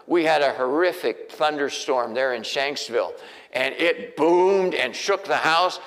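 Male pastor, slightly high voice, sermon in a church with long hall reverb, drops to whispers then rises to emphatic preaching. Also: unhurried. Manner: swings between hushed near-whispers and loud emphatic preaching. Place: church sanctuary.

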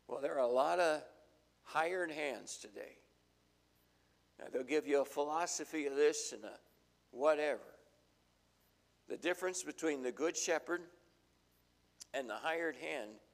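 An older man preaching a sermon in a folksy, storytelling way, acting out the voices in his stories. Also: on the high side. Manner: folksy storytelling, acts out quotes. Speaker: pastor.

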